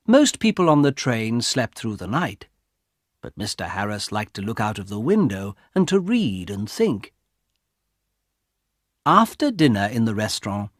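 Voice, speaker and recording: Male storyteller for learners: deliberate, slow, expressive pitch, dry close sound. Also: no echo. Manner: clear, deliberate. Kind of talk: slow scripted story narration for English learners.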